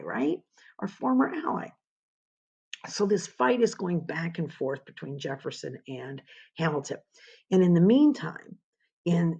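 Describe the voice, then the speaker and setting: A woman's voice: deep voice, creaky, a little mellow, breathy edge, lo-fi sound. A woman teaching a history lesson in an informal, conversational way, asking rhetorical questions as she goes. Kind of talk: informal classroom lecture.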